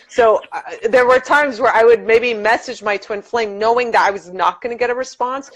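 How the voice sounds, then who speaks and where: Woman guest, earnest and frank, casual livestream advice, slightly high voice. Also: fairly quick, hardly any pauses. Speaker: guest reader.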